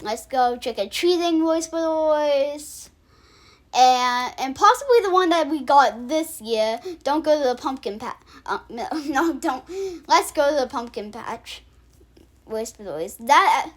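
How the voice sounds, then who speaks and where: High-voiced rambling woman ranking episodes. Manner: rambling, with frequent restarts and filler words. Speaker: channel host. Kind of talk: casual episode-ranking commentary.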